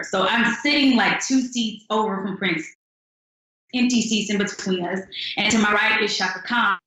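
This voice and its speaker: A young adult woman, a singer-songwriter, telling stories in a casual interview with an upbeat, animated manner and acted-out quotes. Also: mid-range voice, moderate pace. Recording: echoey room.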